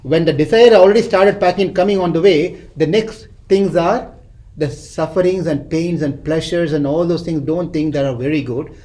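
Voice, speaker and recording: A man teaching a scripture class, chanting verses slowly and then explaining them as a story. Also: on the high side, dark tone.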